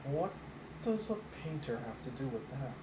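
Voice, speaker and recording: Man playing a raspy, grimy middle-aged king of thugs, curt and menacing, tabletop game voice, echoey noisy room. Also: mid-range voice, very animated, normal speed, close to an everyday voice. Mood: imperious. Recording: echoey room with background noise.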